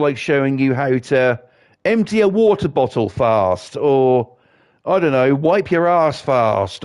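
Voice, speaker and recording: A man in middle age rants over his gameplay in a loose, wandering way. He swears constantly and gets more worked up as he talks, with a voice of ordinary male pitch. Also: a little mellow. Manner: sweary, rambling, fired-up. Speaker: gaming streamer. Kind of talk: ranting commentary while gaming.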